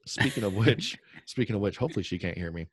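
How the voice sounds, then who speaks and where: A man's voice: lowish voice, big pitch swings, fast, husky, dry recording. A middle-aged man co-hosting a podcast, telling rambling stories and laughing often. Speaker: podcast co-host. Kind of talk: casual chat.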